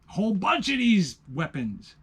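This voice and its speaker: A man with a New York accent telling stories in casual chat, profane and emphatic, swinging from loud bursts to hushed asides. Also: high voice, wildly swooping pitch, a little slow, breathy edge.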